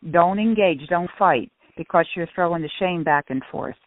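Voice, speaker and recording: A middle-aged woman speaking earnestly in a casual radio talk, often restarting and slowing down to stress points. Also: on the low side. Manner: earnest, with restarts and slow emphasis. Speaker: guest speaker on shame and guilt. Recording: tinny phone-like radio sound.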